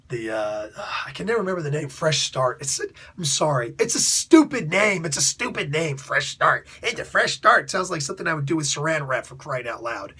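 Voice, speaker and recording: A man giving a casual spoken comic book review, chatty and rambling, laughing often and asking his listeners whether they follow him. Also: medium pitch. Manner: chatty, laughs often, asks "you know what I'm saying?"; rambling, with restarts and asides.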